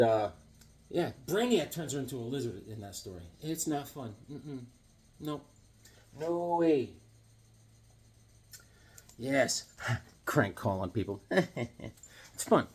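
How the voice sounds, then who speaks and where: A man's voice: mid-range voice, animated, measured pace, long pauses, dark tone, breathy edge. A man chatting casually about his comic books, rambling and enthusiastic with jokes. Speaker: comic book vlogger. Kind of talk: casual comic collection chat.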